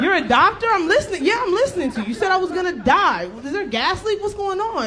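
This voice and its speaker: Sassy high-pitched woman comic. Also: very fast, few pauses, crowd noise, background noise. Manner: sassy, animated storytelling. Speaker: stand-up comedian. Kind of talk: stand-up set.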